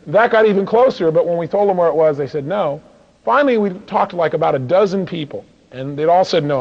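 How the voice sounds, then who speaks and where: A man telling a personal story in a motivational talk, acting out the dialogue with lively energy. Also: fairly high pitch. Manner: animated, acts out dialogue in his stories. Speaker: seminar speaker. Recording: dull lo-fi recording.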